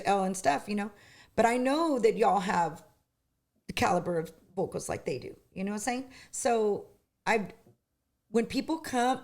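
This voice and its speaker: A middle-aged woman, a singer, chatting as an interview guest with lots of restarts and lively retelling. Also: fairly high pitch. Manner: chatty, animated storytelling with many restarts. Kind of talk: casual interview chat.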